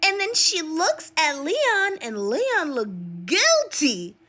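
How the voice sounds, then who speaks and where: A woman telling a gossip story casually, animated and often laughing. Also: very high voice, slow pace.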